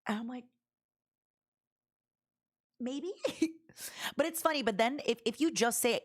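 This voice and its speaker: Animated woman streamer, chatty and laughing, pitch all over the place. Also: takes it slowly, long pauses. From Canada. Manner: chatty, animated, laughs often, reads chat aloud. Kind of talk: casual livestream chat.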